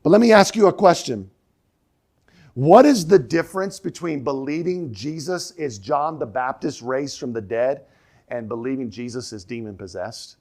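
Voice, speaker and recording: A man preaching a sermon as pastor, emphatic, repeating key lines and dropping his voice low for the quoted question. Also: expressive, normal speed, darkish tone. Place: church sanctuary.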